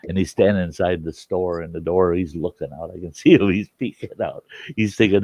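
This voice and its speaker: An older man, the host, telling a story in a folksy, chuckling way with rough country grammar, on a dull, dry lo-fi recording. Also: deep voice, fairly quick, mellow, dry recording. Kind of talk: casual spoken storytelling.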